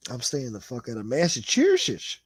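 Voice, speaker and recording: A man's voice: medium pitch, wildly swooping pitch, moderate pace, slightly rough, no room sound. Laid-back man chatting on a stream. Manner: laid-back, rambling, swears freely. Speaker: livestream host. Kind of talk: casual chat, reading viewer comments aloud.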